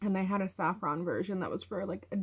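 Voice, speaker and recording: A woman's voice: medium pitch, fast talker, slightly rough. A young woman, chatting casually and telling a long rambling story full of "like". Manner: rambling storyteller, heavy use of "like". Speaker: vlog co-host. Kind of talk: casual chat.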